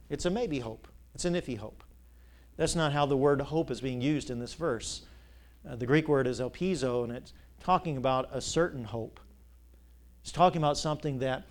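A man preaching a sermon as pastor, asking rhetorical questions and repeating key lines, his voice rising to loud peaks and dropping low. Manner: big swings between loud peaks and quiet drops.

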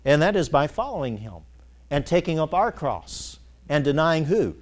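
A man's voice: a little high, very animated, normal speed. A man preaching a sermon as pastor, asking his congregation to finish his sentences and telling folksy stories with chuckles. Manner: call-and-response questions to the congregation.

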